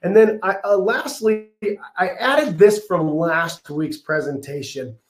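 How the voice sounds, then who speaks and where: A man in his thirties giving a passionate, fast, emphatic webinar presentation from his office, his voice a bit strained. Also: high-pitched, echoey room. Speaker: functional medicine practitioner presenting a webinar.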